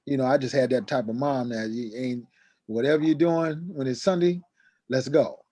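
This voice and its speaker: A middle-aged man telling a personal story in a lively conversational way, acting out the dialogue and raising his voice sharply in the heated parts. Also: mid-range voice, normal speed. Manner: acts out quoted dialogue, voice rising sharply when agitated. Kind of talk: animated storytelling.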